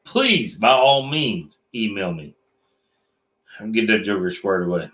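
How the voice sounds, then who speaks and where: A man's voice: on the low side, animated, measured pace, fairly bright tone. A man co-hosting a casual late-night livestream, joking and drawling in Southern style. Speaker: livestream co-host. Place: metal shop.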